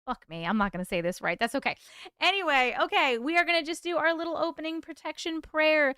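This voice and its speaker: A woman's voice: high-pitched, fast talker, bright, forceful tone, no echo, studio quality. A woman hosting a casual livestream, chatting with viewers, laughing often and stumbling over hard words. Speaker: livestream host reading viewer stories.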